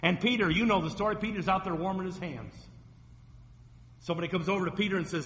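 Storytelling preacher in a reverberant hall. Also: male voice, high voice, fast, a bit bright. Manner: storytelling preacher, acts out quoted voices. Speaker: pastor. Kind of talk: sermon.

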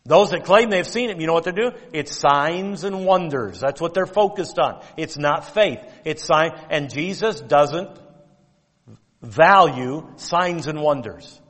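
A male pastor preaching a sermon with emphatic, drawn-out stress on key words and quotes of King James scripture. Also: fairly high pitch, lively intonation, a bit bright. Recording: long reverb of a church hall.

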